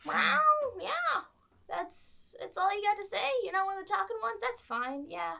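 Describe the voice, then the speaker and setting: A woman voicing a bored, laid-back young valley-girl nun with a flat drawl. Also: very high voice, normal speed, voice pushed up, full character voice. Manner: drawling, flat, vocal-fry sulk.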